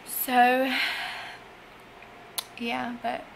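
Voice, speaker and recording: A young woman, a foster mother, talking in an emotional personal vlog, halting and tearful with sighs and trailing phrases. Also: a little high, monotone, gravelly, slight background noise, rough recording. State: emotional after crying. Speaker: foster parent vlogger.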